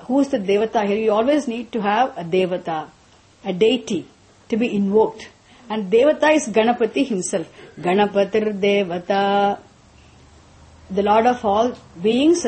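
A woman teaches a class on mantras in a mellow, dark-toned voice. She explains step by step, often repeating herself, and slows into chanting. Her pitch sits in an ordinary middle range. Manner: patient, repeats and restarts, chants slowly.

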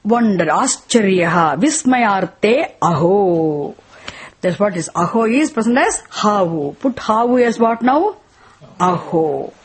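A woman with a slightly husky, breathy voice teaches scripture at an unhurried pace. She repeats key phrases and keeps asking rhetorical questions. Now and then she chants short verses. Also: medium pitch, lively intonation.

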